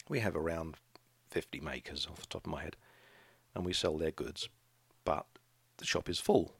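A man's voice: deep voice, fairly bright tone, breathy edge, no echo. A middle-aged man hosting a casual solo podcast, rambling and hesitant with frequent restarts. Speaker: podcast host, craft shop owner.

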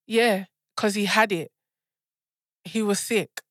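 A woman's voice: medium pitch, slow, a bit bright, no echo, studio quality. A young woman with a slightly nasal voice, co-hosting a podcast with goofy, laughing banter. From Sierra Leonean heritage. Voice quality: slightly nasal, blocked-nose sound. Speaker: podcast co-host. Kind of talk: casual chat.

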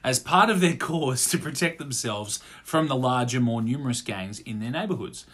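A man's voice: mid-range voice, normal speed, a bit bright, husky. A man co-hosting a casual comedy podcast, joking around and reading facts aloud. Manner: jokey, reads facts aloud, does silly voices. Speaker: podcast co-host.

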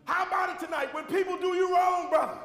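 A man preaching a sermon as pastor, with a Southern American accent, shouting and repeating refrains to a responding congregation. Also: extremely high pitch, fairly even intonation, quick pace. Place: church sanctuary with congregation. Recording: echoey hall recording.

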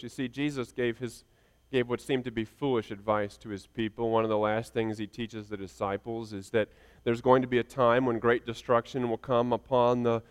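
A man preaching a sermon with an emphatic, repetitive cadence, moving between quiet reflection and forceful declaration. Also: mid-range voice, smooth. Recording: long hall reverb.

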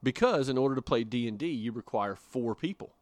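A man's voice: mid-range voice, lively intonation, fairly quick, no room sound. A man co-hosting a podcast in casual, joking chat, with frequent filler words. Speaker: podcast co-host.

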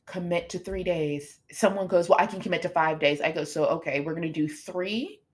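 A woman's voice: fairly low pitch, a little fast. A middle-aged woman fitness coach hosting a podcast, talking casually and motivationally, acting out what her students say. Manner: chatty, animated, acts out her students' lines.

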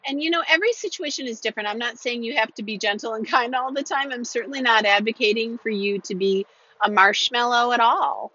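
A woman's voice: on the high side, brisk, bright, forceful tone, dry recording. A woman telling a personal story in an earnest, emphatic way, repeating phrases to drive her point home. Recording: dull lo-fi recording.

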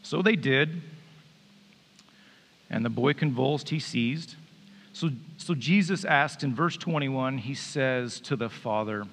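A man preaches in a loose, conversational way, joking with his listeners between passages of scripture. His voice sits at an ordinary middle pitch. It carries a long reverb, as if it fills a large church hall. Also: slow, pauses often, a bit bright, a little hiss or hum. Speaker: pastor. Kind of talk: sermon.

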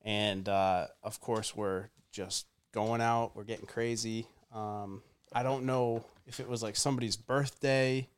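A man's voice: fairly low pitch, steady tone, unhurried, smooth. A young man hosting a podcast, telling a casual story with lots of fillers, rambling and laughing through punchlines. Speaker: podcast host.

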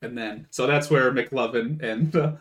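A man's voice: mid-range voice, unhurried, fairly bright tone. A man co-hosting a podcast, casually recapping a movie and acting out characters' lines with laughs. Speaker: podcast co-host.

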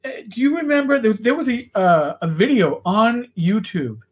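A man who is a former police officer, co-hosting a podcast and telling stories in an animated, freely swearing way. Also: high-pitched, normal speed. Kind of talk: casual chat, storytelling.

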